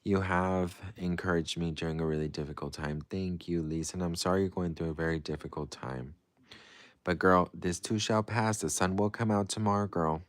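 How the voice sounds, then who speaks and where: In a dry recording, a man with a low, steady-toned voice speaks at a moderate pace as he hosts a livestream. He reads viewer comments aloud and replies in a dramatic, playful way that turns from breezy to effusive.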